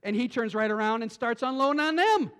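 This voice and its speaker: A male pastor preaching a sermon, animated, swinging from quiet thinking-aloud asides to loud emphatic lines. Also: extremely high pitch, fairly quick, clean tone. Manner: repeats words and restarts as he thinks aloud.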